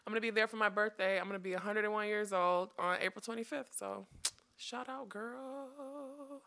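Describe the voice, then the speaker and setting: Chatty young woman, bright gravelly voice. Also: medium pitch, fairly even intonation, fast. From United States. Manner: chatty, laughing, wry storytelling. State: tired. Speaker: podcast host. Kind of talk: casual chat.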